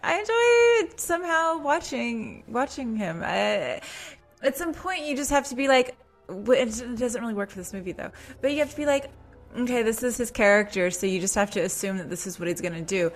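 A woman co-hosting a casual movie podcast, talking in an animated way with many fillers and restarts. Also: a little high, a little fast, faint music behind. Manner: chatty, lots of fillers and restarts. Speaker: podcast co-host.

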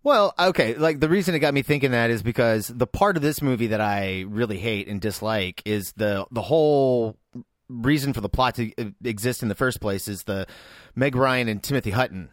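A man co-hosts a casual film podcast in a mid-pitched voice. He is blunt and opinionated and swears in passing. His voice is recorded dry, with no room sound. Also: normal speed, no room sound. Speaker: podcast co-host.

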